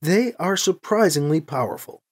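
A reader voicing Alibi, a brash young male leader who answers with sarcastic, quick retorts. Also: fairly high pitch, big pitch swings. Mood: explaining.

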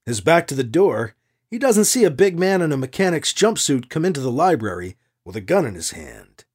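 A man reading a science fiction story aloud as narrator, expressive and animated. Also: fairly high pitch, brisk, breathy edge. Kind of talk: audiobook narration.

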